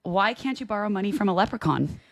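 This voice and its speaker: A woman's voice: medium pitch, expressive, fast, no echo, clean studio sound. A woman co-hosting a casual podcast, trading jokey banter and laughing at her own puns. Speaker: podcast co-host. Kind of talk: casual chat.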